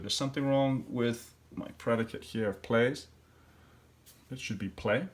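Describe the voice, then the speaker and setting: A man's voice: mid-range voice, unhurried. A man teacher working through practice questions, thinking aloud step by step and sounding out letters and syllables. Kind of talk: classroom lesson walkthrough.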